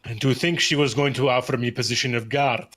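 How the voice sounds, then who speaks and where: A man's voice: mid-range voice, fairly even intonation, fairly quick, a bit bright, lightly acted. A man voicing a brash, touchy townsman in a tabletop game, speaking in a blustering, sarcastic way.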